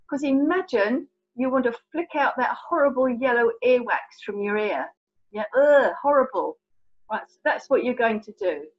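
A woman's voice: a little high, highs cut off. A British woman teaching signs for colours to children in a chatty, playful, encouraging way. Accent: British English. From England. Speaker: sign language tutor. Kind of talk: children's signing lesson.

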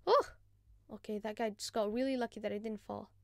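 A woman hosting a gaming channel, giving casual gameplay commentary in an excitable, chatty, self-mocking way. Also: mid-range voice, fairly quick, creaky, no echo, clean studio sound.

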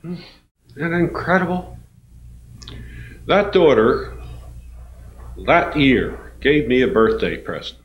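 Lively male lecturer in an echoey hall. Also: medium pitch, takes it slowly, pauses often, highs cut off. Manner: animated, acts out quoted voices, chuckles. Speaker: university professor lecturing. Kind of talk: storytelling lecture. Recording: roomy hall with faint noise.

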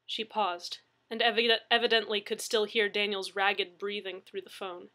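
A woman narrating a story aloud in a measured storytelling manner. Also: mid-range voice, level tone, bright, forceful tone. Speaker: audiobook narrator. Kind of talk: story reading.

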